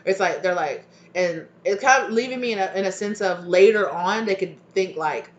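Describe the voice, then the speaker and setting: A woman's voice: mid-range voice, animated, a little fast, few pauses, echoey room, a little hiss or hum. A woman giving a casual tarot reading, chatty and loose, often trailing off and restarting her thoughts. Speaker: tarot reader.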